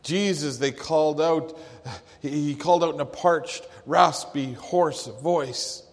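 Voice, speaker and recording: A man acting as a grieving Jewish father in a dramatic first-person monologue, telling it in a slow, halting, hushed way. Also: fairly high pitch. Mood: horrified. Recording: long echoey hall reverb.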